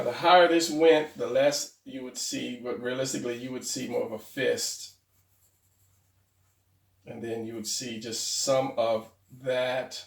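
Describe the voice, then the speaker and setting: A man talking viewers through a drawing tutorial in a casual, rambling way, correcting himself out loud as he sketches. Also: medium pitch, gravelly, far from the mic. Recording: roomy, off-mic sound.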